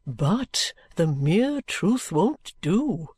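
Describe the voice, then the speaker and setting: A man voicing a kindly older gentleman guardian who speaks slowly and earnestly. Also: high-pitched, big pitch swings, husky, dry recording, exaggerated voice.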